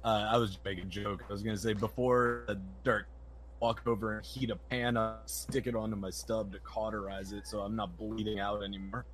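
A man playing a tabletop game, talking in halting bursts with many fillers. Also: on the low side, level tone, fairly bright tone, a little hiss or hum. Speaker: player. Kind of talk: casual tabletop role-play.

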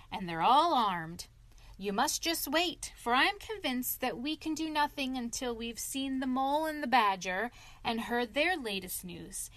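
A sensible male water rat from a storybook, voiced by a woman reading aloud, lecturing in an earnest, scolding tone. The voice is fairly high and dry. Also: a bit bright, no echo. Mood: firm.

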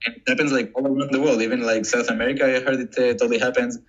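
A man from Israel speaking English as a guest, in a halting way with many restarts. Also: mid-range voice, little pitch movement, highs cut off. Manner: halting, restarts often, non-native English. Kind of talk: casual interview talk.

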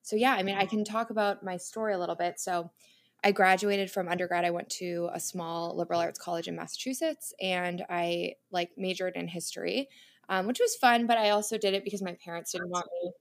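A woman's voice: fairly low pitch, fairly even intonation, a little fast. A young adult woman, an interior designer guesting on a podcast, telling her career story in a candid, chatty way, laughing often.

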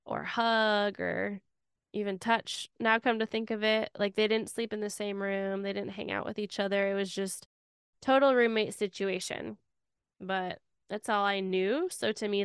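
A woman's voice: medium pitch, vocal fry, fairly bright tone, clear, resonant tone, no room sound, clean studio sound. A young adult woman hosting a podcast, telling a personal story in a candid, conversational way with lots of "like" fillers. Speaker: podcast host.

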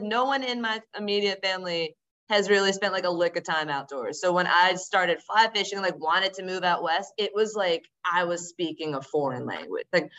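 A woman's voice: fairly low pitch, fairly bright tone, dull audio. A woman from the US East Coast, a podcast guest chatting casually and laughing often. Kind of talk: casual chat.

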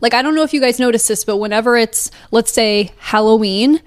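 A woman's voice: a little high, a little fast, no room sound, studio quality. A young woman co-hosting a podcast at home, chatting in a casual, upbeat and rambling way about being a professional dancer. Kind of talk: casual chat. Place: home living room.

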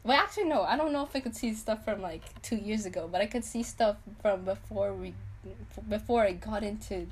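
A teenage girl hosting her own podcast, chatting casually with lots of fillers and quick laughs. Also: medium pitch, husky. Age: teens. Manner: giggly, filler-heavy chatter. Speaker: podcast host. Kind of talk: casual chat.

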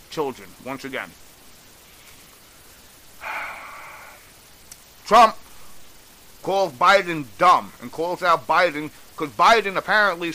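A man's voice: fairly high pitch, pushed and bright, rough recording. A man delivering a blunt, exasperated opinion rant on a vlog, swearing freely as he goes. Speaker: political commentator.

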